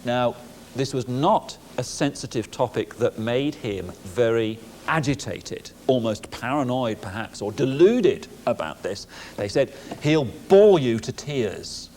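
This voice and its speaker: A man with an English accent giving an explanatory lecture, measured with dry humour. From England. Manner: lively, animated delivery with big pitch jumps. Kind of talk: recorded educational lecture. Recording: faint background noise, old VHS tape.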